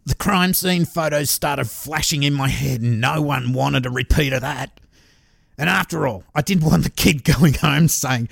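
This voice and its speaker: Podcast host, male, reads listener mail with loose swearing and chuckles; a fairly high, gravelly voice. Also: measured pace, fairly bright tone, no room sound, clean studio sound. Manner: casual and profane, chuckles while reading. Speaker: true crime podcast host. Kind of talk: reading out a listener's story, casual chat.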